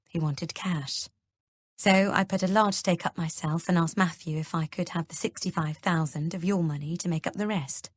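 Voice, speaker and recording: Woman reader voicing an older mother-in-law, self-assured, deliberate, low-pitched, dry studio read. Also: slightly rough, dry recording. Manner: measured, deliberate explaining. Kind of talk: audiobook character reading.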